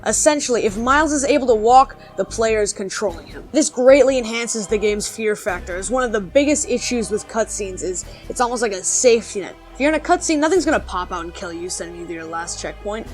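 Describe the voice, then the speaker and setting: A woman's voice: fairly high pitch, lively intonation, fairly quick, few pauses, soft background music. A woman YouTuber delivering sarcastic, comedic video essay commentary and swearing casually.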